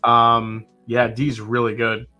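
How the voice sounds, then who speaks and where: A man's voice: mid-range voice, slow pace, highs cut off, soft background music. A man hosting a live whiskey tasting, chatting casually and reading out viewer comments. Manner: relaxed, chatty, with fillers and sips. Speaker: whiskey livestream host.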